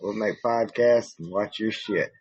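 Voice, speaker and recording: A man's voice: lowish voice, unhurried, a little mellow, husky, no echo. A man with a Southern US accent, a podcast co-host in casual chat, making dry joking quips. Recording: dull, muffled dry recording.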